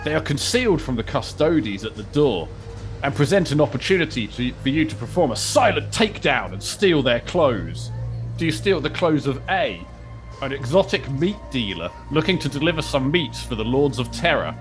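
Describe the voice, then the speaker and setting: A man's voice: medium pitch, big pitch swings, normal speed, faint music behind. A man hosting a podcast, playfully narrating a choose-your-path game scenario. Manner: playful, chatty storyteller. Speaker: podcast host and game master.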